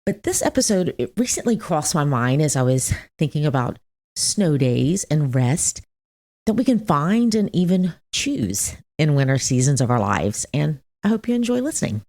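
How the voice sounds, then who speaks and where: A woman's voice: low voice, sing-song, moderate pace, warm tone. A woman podcast host giving a short, reflective episode introduction.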